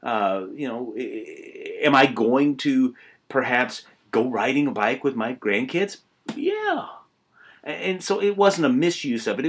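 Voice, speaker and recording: An older man teaching a college writing class in a relaxed, conversational way, telling stories with many asides and restarts. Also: medium pitch, slightly rough. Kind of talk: informal recorded lecture.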